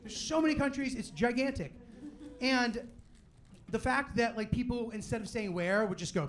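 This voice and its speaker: A young man doing a live stand-up set, talking in a loose, rambling way full of "like" and "you know what I mean," and acting out quick quotes of other people. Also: very high voice, slight background noise. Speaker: stand-up comedian. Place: live comedy venue with audience.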